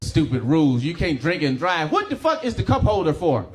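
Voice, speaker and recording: A man's voice: a little high, wildly swooping pitch, a little fast, heavy background noise. A man doing a stand-up set as an indignant rant. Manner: indignant ranting. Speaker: stand-up comedian.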